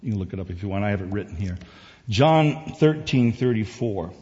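A man's voice: deep voice, level tone, rapid-fire, dark tone. A male pastor giving a conversational sermon that swells to emphatic peaks, recorded in a church sanctuary. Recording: dull distant sound in a reverberant hall.

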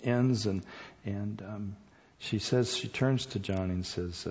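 Male speaker, folksy and animated, talks straight to the crowd; muffled recording with long hall echo. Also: on the low side. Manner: folksy, halting, animated, addresses audience directly. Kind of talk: storytelling to an audience. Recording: dull sound in reverberant hall.

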